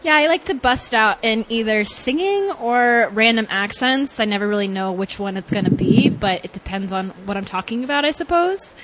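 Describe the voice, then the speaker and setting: A young woman hosting a podcast in a casual, bubbly chat, laughing often and swinging her pitch widely. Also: animated, moderate pace, few pauses, heavy background noise. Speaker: podcast host and life coach.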